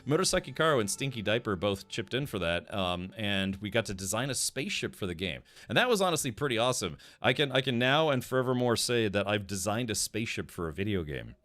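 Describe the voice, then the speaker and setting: Chatty streamer man with a lively voice. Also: lowish voice, fast, hardly any pauses. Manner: rambling, restarts sentences, reads chat aloud. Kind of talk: casual live-stream gaming commentary.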